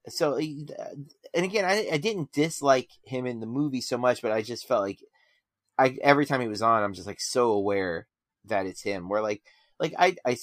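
A man's voice: medium pitch, fairly bright tone, no echo, studio quality. A man chatting casually in a film review, enthusiastic and rambling with many restarts.

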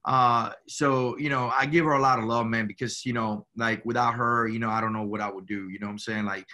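A man from Cuba talks as an interview guest, telling his story in a loose, rambling way. He keeps adding "you know" and "man" as he goes. His voice is bright and forward. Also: medium pitch, steady tone, brisk. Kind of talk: casual storytelling.

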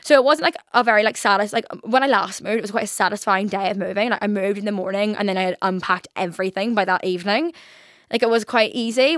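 A woman's voice: mid-range voice, fairly bright tone, dry recording, clean studio sound. A young Irish woman hosting her own podcast, rambling through a story in casual chat, full of "like" and frequent swearing. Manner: rambling, lots of "like", swears freely. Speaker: podcast host.

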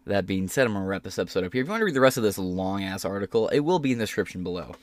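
A man hosting a podcast, giving casual commentary in swearing, animated rants. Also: on the low side, very fast. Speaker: podcast host.

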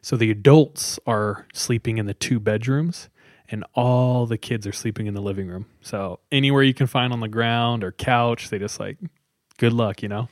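A man hosting a podcast, casually telling a scary story with dramatic pauses and lots of "like.". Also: mid-range voice, no room sound, clean studio sound. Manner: relaxed, dramatic pauses, many "like"s.

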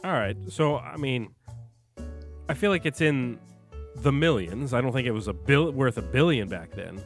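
Lively young man, joking sports chat. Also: mid-range voice, moderate pace, faint music behind. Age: young adult. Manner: laid-back, joking, hesitant fillers. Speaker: podcast co-host.

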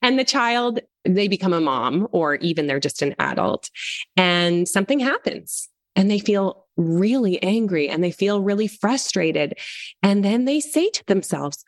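A woman's voice: medium pitch, lively intonation, a little slow. A middle-aged woman, a parent coach, talking earnestly in a podcast interview and acting out little quoted voices.

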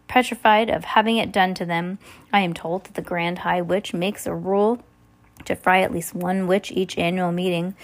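A woman reading aloud as an elderly grandmother who is shrewd and excitable, speaking with eager urgency. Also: mid-range voice, lightly acted.

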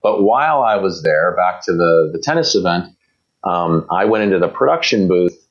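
A man's voice: low-pitched, lively intonation, moderate pace, highs cut off. A man being interviewed, telling long anecdotes in a casual, rambling way, with many fillers and restarts and quoted voices of other people. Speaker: guest.

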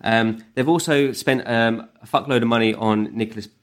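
A man co-hosting a relaxed football podcast. His voice sits at an ordinary male pitch, and he rambles easily through his points, filling gaps with ums and dropping the occasional swear. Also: normal speed. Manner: easygoing, rambling, sweary, hesitant fillers. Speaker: podcast co-host. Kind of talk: casual football podcast chat.

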